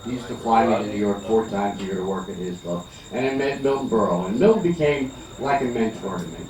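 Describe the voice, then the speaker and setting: A man's voice: on the low side, animated, a little fast, a little mellow. An older man from Philadelphia doing chatty stand-up comedy at an outdoor backyard party, teasing the crowd. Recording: echoey, distant, noisy outdoor party recording.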